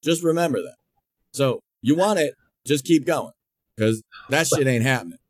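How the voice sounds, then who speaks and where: A man's voice: mid-range voice, moderate pace, no echo, clean studio sound. Blunt, mocking older man talk host. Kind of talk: heated political talk show.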